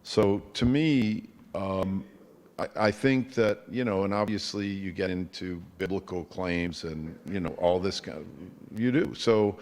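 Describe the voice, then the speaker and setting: A man answering an audience question at a live event, thinking aloud in a hesitant way with many pauses. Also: low voice, a little mellow, long reverb tail.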